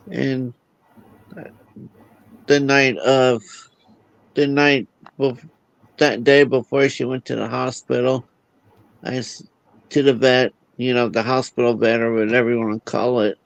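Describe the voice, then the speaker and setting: A grieving man talking haltingly on a livestream call, often repeating his words as he goes. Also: mid-range voice, level tone, gravelly, dry recording, poor audio. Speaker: livestream guest. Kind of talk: casual video call chat.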